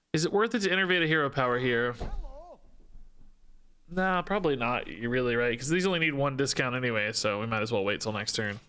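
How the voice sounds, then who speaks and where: Bright, clear-voiced male game streamer. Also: mid-range voice. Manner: thinking aloud, self-questioning, joking. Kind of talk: live-stream gameplay commentary.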